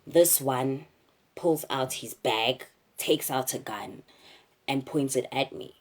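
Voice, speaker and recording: A young South African woman telling a personal story to camera, candid and halting, with frequent fillers. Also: rumbling low.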